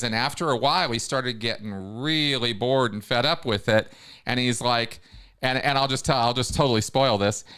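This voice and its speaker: A man hosts a casual live chat show, wandering from thought to thought and restarting sentences. His voice is bright and clean, with a crisp, resonant tone. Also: medium pitch. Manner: rambling, many restarts. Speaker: host.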